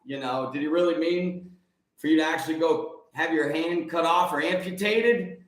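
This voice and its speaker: An American man hosting a live-streamed Christian show, greeting viewers by name and preaching with energetic exclamations. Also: on the high side, moderate pace. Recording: echoey room with faint noise.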